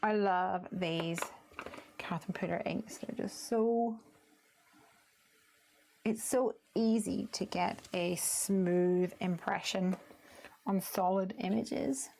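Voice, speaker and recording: A woman's voice: mid-range voice, fairly even intonation, slow, creaky, pauses often, mellow, a little hiss or hum. A woman hosting a casual crafting livestream, chatting through each step as she works.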